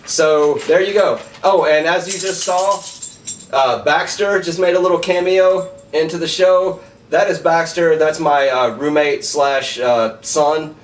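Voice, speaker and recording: A man co-hosting a casual movie podcast, who reads film quotes slowly and laughs often. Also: a little high, fairly even intonation. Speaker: podcast co-host. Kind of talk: casual chat. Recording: roomy sound, mic at a distance.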